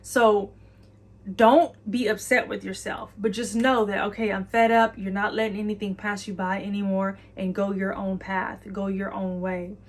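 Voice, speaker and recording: A woman's voice: medium pitch, level tone, normal speed. Earnest woman giving a channeled message. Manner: earnest, repetitive, encouraging, speaks in the listener's voice. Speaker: intuitive channeling reader.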